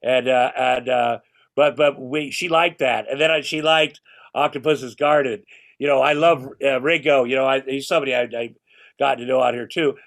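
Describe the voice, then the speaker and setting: A man's voice: medium pitch, fairly even intonation, moderate pace, a bit bright. Older male guest in his sixties, loose and rambling, casual talker. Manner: rambling, restarts, swears casually. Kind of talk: casual chat.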